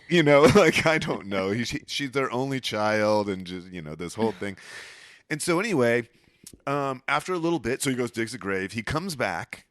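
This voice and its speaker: A man hosting a podcast, retelling a story in casual, profane chat and acting out the characters in quick asides. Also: medium pitch, lively intonation, fairly bright tone, no echo, studio quality. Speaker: podcast host.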